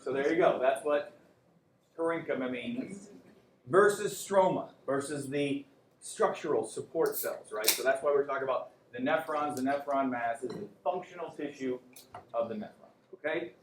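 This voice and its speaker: A man's voice: mid-range voice, normal speed. Man lecturing casually in an echoey classroom. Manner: casual, joking, quizzes the class. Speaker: anatomy and physiology instructor. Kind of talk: classroom lecture with questions to students. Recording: echoey classroom, faint room hum.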